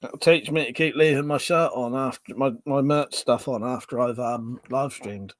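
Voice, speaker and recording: A man's voice: mid-range voice, normal speed, no room sound. A man hosting a casual livestream from home, reading out viewer comments with frequent laughs, banter and swearing. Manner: chatty and swearing, laughs often, drinking on stream. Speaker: livestream host.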